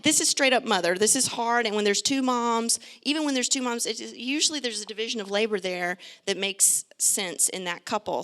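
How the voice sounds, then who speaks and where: A woman's voice: on the high side, a bit bright. Chatty, direct woman pediatrician. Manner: chatty, direct, joking asides. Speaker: pediatrician giving a parenting talk. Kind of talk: lively presentation to parents.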